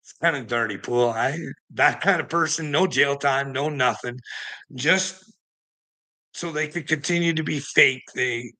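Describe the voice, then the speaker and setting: A man's voice: mid-range voice, measured pace, sharp tone, low-quality recording. A man ranting bluntly and indignantly in a casual monologue, swearing heavily as he talks to his viewers. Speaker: vlogger.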